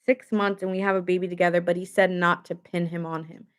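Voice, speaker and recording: A woman's voice: on the low side, little pitch movement, quick pace, smooth. A young adult woman giving a casual tarot reading to camera, talking emphatically with lots of filler words and open indignation. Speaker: tarot reader.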